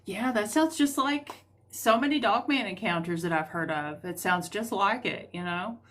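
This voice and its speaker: A woman's voice: mid-range voice, normal speed, a bit bright. A woman with a rural Southern US accent hosting a live call-in stream, chatty and rambling with many ums. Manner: chatty, rambling, full of ums and trailing thoughts. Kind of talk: casual live-stream chat.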